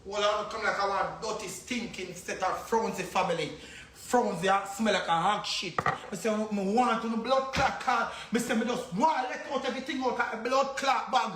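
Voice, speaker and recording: A man's voice: high-pitched, normal speed, fairly bright tone, roomy sound, slight background noise. A man with a Jamaican accent ranting angrily on a livestream, cursing and repeating himself. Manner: angry, insulting, cursing, repetitive.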